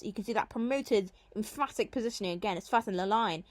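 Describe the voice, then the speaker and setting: A woman teacher working through a Latin poem line by line, explaining the devices and slowing down to read the translated lines with emphasis. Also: medium pitch, dry recording. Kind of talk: Latin poetry lesson, line-by-line analysis.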